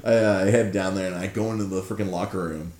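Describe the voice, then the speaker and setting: A man telling a story in casual chat, animated and profane, laughing often. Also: deep voice, fast talker. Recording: roomy echo.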